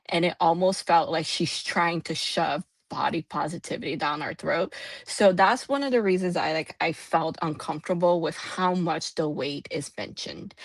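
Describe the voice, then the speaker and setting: A woman's voice: lowish voice, dry recording. A woman co-hosting a casual book club chat over a video call, thinking aloud with frequent restarts.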